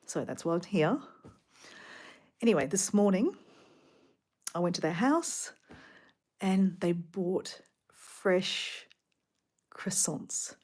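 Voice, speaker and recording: A woman from Australia with an Australian accent, rambling casually in a travel vlog from a hotel room, full of fillers and sometimes dropping to a soft whisper. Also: fairly low pitch. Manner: chatty, rambling, filler-heavy, drops to a soft whisper at times. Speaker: travel vlogger.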